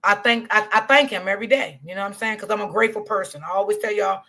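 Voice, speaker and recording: A woman's voice: medium pitch, fast talker, gravelly, bright, forceful tone. A woman hosting a casual livestream, talking candidly to her chat, swearing freely and laughing often. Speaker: livestream commentary host.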